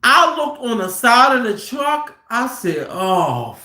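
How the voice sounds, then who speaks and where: In a very high, unhurried voice, a truck driver tells stories casually and with plenty of profanity. He's animated, loudly acting out what people said, and the recording has a roomy echo.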